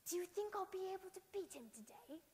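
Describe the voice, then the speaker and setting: An eager, earnest young boy, as a woman puts him on, high and keen. He answers with spirit. A long hall reverb surrounds him. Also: lively intonation, fairly quick, darkish tone.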